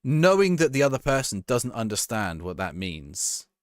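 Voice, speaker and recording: A man's voice: medium pitch, sing-song, normal speed, no room sound, studio quality. A man chatting casually to his viewers on a live stream, laughing and reacting to a match as he talks. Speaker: livestreamer.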